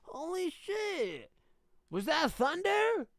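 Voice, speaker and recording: A man's voice: very high voice, big pitch swings, slow pace, vocal fry, fairly bright tone, no echo, clean studio sound, pitched above the performer's own voice, heavily acted. A man voicing panicked Aztec warriors fleeing cannon fire, in a put-on Mexican accent, shrieking and frantic. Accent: Mexican, attempted.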